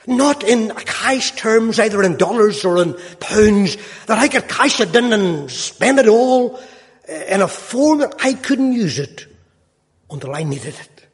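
A man's voice: high voice, animated, unhurried. A man in his sixties telling a personal testimony with folksy, self-mocking humour. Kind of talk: storytelling testimony. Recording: long hall reverb.

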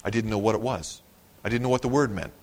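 A man preaching an expository sermon, acting out the quoted words with sudden rises in pitch and loudness, and sometimes repeating words as he explains. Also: fast talker. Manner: animated preaching, rising sharply on quoted words. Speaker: pastor.

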